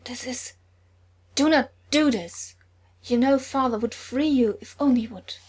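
A woman voicing a hot-tempered warrior prince who shouts and pleads loudly. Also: fairly high pitch, fairly even intonation, normal speed, breathy edge. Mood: furious.

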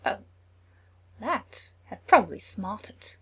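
A woman's voice: mid-range voice, sing-song, slow pace, breathy edge. A woman reading a story aloud, dramatic and often dropping into a whisper. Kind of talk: reading fan fiction aloud.

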